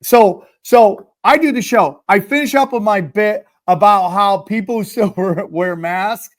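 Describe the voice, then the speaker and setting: A man hosting a podcast, telling a comedic story with animated, profane delivery. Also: high voice, measured pace. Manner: animated, swears freely, acts out quotes. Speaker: podcast host.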